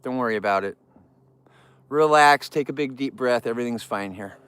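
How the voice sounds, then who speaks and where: A man hosting a casual live stream among bears, talking in a relaxed, rambling way and thanking viewers in chat. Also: normal speed, clean tone, no echo. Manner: cooing baby talk to the bears, squealing high. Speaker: livestream host with bears.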